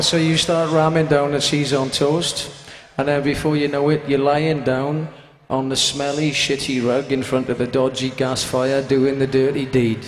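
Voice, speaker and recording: A man, a rock singer, telling a rambling, swear-filled story to a concert crowd between songs, sometimes shouting out to the audience, on a stage microphone. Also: mid-range voice, flat delivery, normal speed. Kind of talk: onstage anecdote between songs. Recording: live concert audio with music behind.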